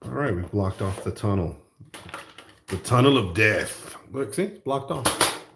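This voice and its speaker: Rambling, gravelly-voiced man. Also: fairly low pitch, lively intonation, unhurried, a bit bright, roomy sound, a little hiss or hum. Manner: rambling, self-mocking, jokey. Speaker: art channel host. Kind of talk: casual chat while crafting.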